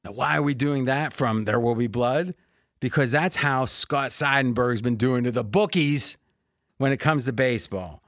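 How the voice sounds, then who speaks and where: An American man hosting a sports betting podcast, chatting casually and joking as he pitches betting packages with a salesman's energy. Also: normal speed, fairly bright tone, no echo, studio quality. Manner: upbeat salesman-like, joking, laughs often. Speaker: podcast host.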